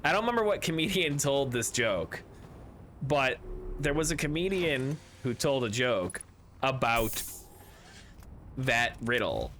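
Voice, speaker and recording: A man with a bright, forceful voice talks to his stream audience as he plays, rambling from joke to joke. A faint hum of game ambience sits behind his desk mic. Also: medium pitch, expressive, a little slow, pauses often. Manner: rambling, jokey, reads chat aloud. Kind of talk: casual game stream chat.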